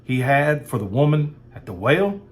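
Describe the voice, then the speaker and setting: A man's voice: mid-range voice, big pitch swings, normal speed. A man preaching a sermon in a fired-up, emphatic way, repeating phrases for emphasis.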